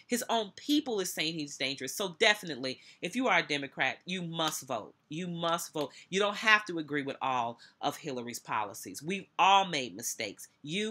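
A middle-aged woman minister delivers an impassioned preaching commentary. Her bright, forceful voice presses listeners with pointed rhetorical questions. She talks like a host addressing her own audience. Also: mid-range voice.

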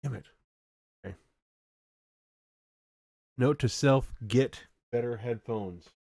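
A man's voice: mid-range voice, slow, dark tone, dry recording, clean studio sound. A man casually commenting on his own game stream, laughing at himself as he goes. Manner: self-mocking, laughs at himself.

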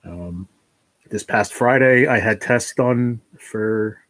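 A man talking to his livestream viewers, halting and emotional, choked up with tears of joy. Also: lowish voice, a bit bright, dry recording, rough recording. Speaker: livestream host.

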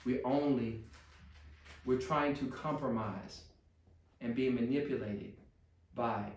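A man's voice: mid-range voice, takes it slowly, a little mellow, far from the mic. A man preaching a sermon as pastor to his congregation, building to pleading intensity. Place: church sanctuary. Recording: echoey church room.

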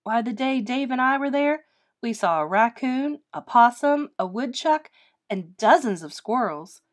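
A woman reading a storybook aloud and voicing an enthusiastic, dreamy mother who coaxes her children in a bright voice. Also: fairly high pitch, lively intonation, measured pace, voice pushed up. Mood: cheerful coaxing. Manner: bright and coaxing.

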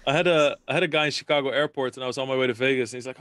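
A man's voice: medium pitch, steady tone, racing, fairly bright tone, no room sound, clean studio sound. A man telling stories as a podcast guest in casual chat, swearing freely and talking animatedly.

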